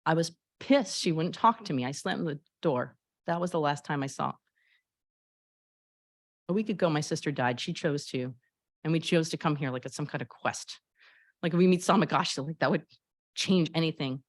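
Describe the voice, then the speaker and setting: Brief: woman doing a 13-year-old girl, eager and rushed, confiding, voice lifted above her low own pitch, dry sound. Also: no echo. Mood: grieving. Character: anxious grieving thirteen-year-old girl cosplayer.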